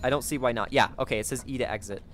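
A man giving let's play commentary as a gaming video creator, excitable, gasping and chatting to his viewers. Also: medium pitch, racing, slight background noise.

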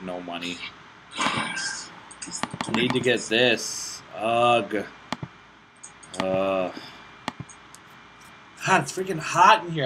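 A man talks through his gameplay in a steady mid-range voice, frustrated and cursing at what happens on screen. The recording is noisy, with background hiss and mouse clicks. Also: medium pitch. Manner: frustrated, swearing and muttering at the game. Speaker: gaming channel host. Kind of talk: casual gameplay commentary. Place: hot room at home.

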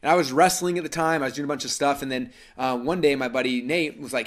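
A man's voice: medium pitch, quick pace, a bit bright. A man in his thirties from Idaho hosting a live webinar, telling a story with lots of fillers and restarts. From Idaho, United States. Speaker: webinar host.

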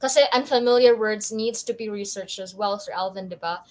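A woman's voice: medium pitch, a little fast, a little mellow. A woman with a Filipino accent co-hosting a lesson, explaining things in a friendly way and reading viewer comments. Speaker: teacher co-host. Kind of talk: taglish lesson discussion.

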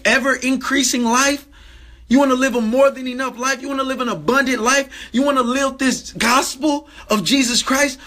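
A man delivers a livestream sermon in a fervent, repeating preacher's cadence. His voice sits very high for a man and rings bright and forceful.

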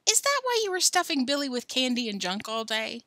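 A woman's voice: high voice, big pitch swings, fairly quick, bright, forceful tone, no room sound, studio quality, pitched above the performer's own voice, heavily acted. A woman voicing a stern father lecturing his son in firm, clipped lines during a storybook reading.

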